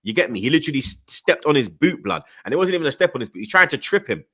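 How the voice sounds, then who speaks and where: Ranting young London man, lively bright voice. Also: fairly high pitch, rapid-fire, breathy edge. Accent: London multicultural English. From Jamaican heritage, London. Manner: animated ranting, slang-heavy, stutters when angry. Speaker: football podcast host. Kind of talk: heated casual football chat.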